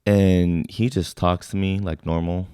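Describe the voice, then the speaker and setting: A young man, a podcast co-host and army veteran from Sacramento, telling a story in casual chat, animated and swearing freely, acting out shouted drill exchanges. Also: sits low, measured pace, clean tone, no echo, studio quality.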